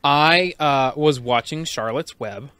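A man's voice: fairly high pitch, slow, bright, forceful tone, clean tone, dry recording. A man co-hosting a comedy podcast, telling a rambling story in casual chat. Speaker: podcast co-host.

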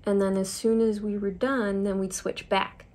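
A young adult woman vlogger does her makeup while telling a story from her school years in get-ready-with-me style. Her mid-range, darkish voice has little pitch movement and a normal pace, and she sounds confiding and self-deprecating.

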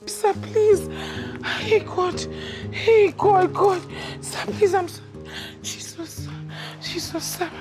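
An actress playing a timid young cleaner with a Nigerian accent, apologetic and pleading in a film drama. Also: female voice, sits high, over music, natural voice. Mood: panicked pleading. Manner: pleading, apologetic, fast rushed phrases. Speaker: office cleaner.

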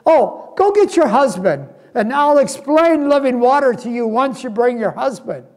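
A man speaking as a calm Jesus, gentle and direct, in a fairly high voice. The words ring out with a long church reverb. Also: moderate pace.

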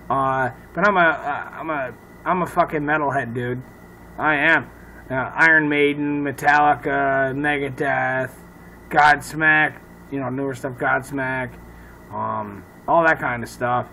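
A man who is a comedian, rambling loudly and profanely in a casual talk to camera. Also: mid-range voice, fairly even intonation, measured pace, slight background noise, rough recording. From Irish heritage. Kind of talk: casual off-the-cuff chat to camera.

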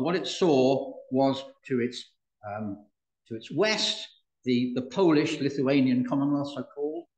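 A man's voice: medium pitch, a little slow, darkish tone, highs cut off. An older man from the United Kingdom giving a public lecture, with dry humor and frequent restarts. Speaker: guest speaker. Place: public hall. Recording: roomy hall.

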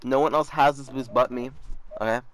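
A man's voice: medium pitch, fairly even intonation, brisk. A young man talking casually and mocking another player while recording a gaming video. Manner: taunting, mocking. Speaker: YouTuber.

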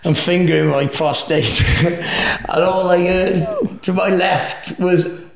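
A man's voice: sits high, fairly even intonation, takes it slowly, creaky, a crowd in the background. A man in his forties, a podcast guest, telling rambling anecdotes, swearing freely and laughing often. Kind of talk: casual storytelling interview. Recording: roomy echo.

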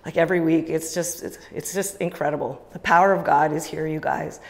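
Woman, lowish voice, eager church talk, long hall reverb. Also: steady tone, fairly quick. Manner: enthusiastic, with many fillers. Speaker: church leader giving the offering talk. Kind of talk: casual church talk to a congregation. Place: church sanctuary.

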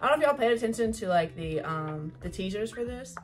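A young woman gushing over an album unboxing in casual chat, excitable, swearing and full of fillers. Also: mid-range voice, fast talker, faint music behind.

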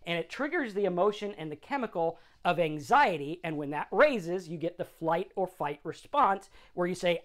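A man's voice: high-pitched, animated, normal speed, hardly any pauses, fairly bright tone. A middle-aged man hosting a sobriety talk, speaking in an informal, conversational way and often checking in with "right?". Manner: conversational, tags lines with "right?".

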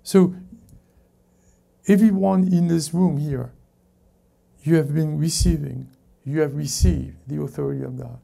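Male pastor preaching in church, deep mellow timbre, stop-start delivery that corrects itself as it goes. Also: steady tone, gravelly. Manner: halting, self-correcting preaching with many restarts. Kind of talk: sermon. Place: church service before a congregation.

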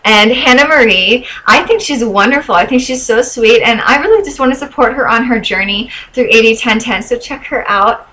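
A young woman chats casually to her camera as a vlogger, gushing with enthusiasm. Her voice sits a bit high, and she fills her talk with likes, ums and small laughs. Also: normal speed, hardly any pauses, sharp tone, low-quality recording. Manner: gushing, chatty, with fillers and laughs. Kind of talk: casual chat.

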